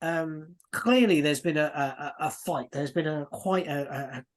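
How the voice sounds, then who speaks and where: A man narrating a tabletop game as dungeon master, halting and often restarting his words. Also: a little high.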